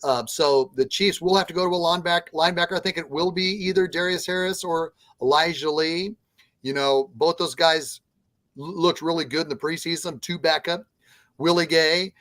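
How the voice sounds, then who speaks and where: Male podcast co-host, fairly high voice, dry close sound, earnest sports talk. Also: steady tone, a bit bright, no room sound. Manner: earnest, measured analysis with fillers. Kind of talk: casual sports chat.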